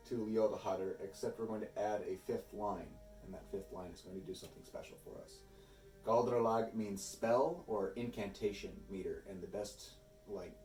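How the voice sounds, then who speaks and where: A man's voice: on the low side, warm tone, roomy sound. Man teaching poetry from a distance. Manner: patient, methodical, with small restarts. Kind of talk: explanatory lesson.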